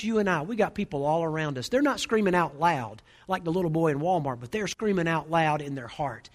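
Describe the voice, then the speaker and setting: A man preaching a sermon in an emphatic, rousing way with rhythmic repetition. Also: high-pitched.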